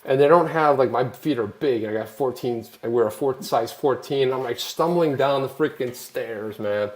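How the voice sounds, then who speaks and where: An American man hosting a live online show, telling rambling, animated travel anecdotes in casual chat. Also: mid-range voice, moderate pace. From United States. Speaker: show host.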